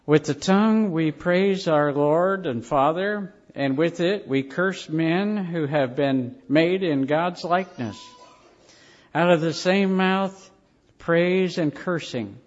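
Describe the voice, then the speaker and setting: A male pastor delivers a sermon as an earnest storyteller, leaning on slow, weighted phrases. His voice sits a little high for a man. The recording is dull and lo-fi.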